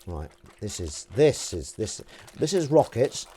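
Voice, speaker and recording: A man's voice: on the low side, very animated, a little slow, mellow. Guy rambling on a live stream while doing the washing up, goofy jokes, voice bouncing up and down, bit of faint noise behind. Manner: rambling, jokey, reading out chat comments. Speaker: livestream host. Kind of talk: casual chat while washing up.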